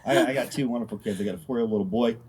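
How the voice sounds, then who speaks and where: A man's voice: medium pitch, racing. A man in his thirties doing a crude, self-deprecating stand-up set and bantering with a small crowd. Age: 30s. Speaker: stand-up comedian. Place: outdoor firepit gathering. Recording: crowd noise around the speaker. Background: small crowd laughing and heckling.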